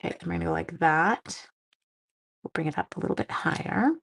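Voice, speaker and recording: Middle-aged woman, crafting demo at home, casual chatter to viewers, gravelly fry. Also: on the low side, fairly quick, a bit bright. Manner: chatty, self-deprecating, greets viewers by name. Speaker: craft demonstrator, livestream host.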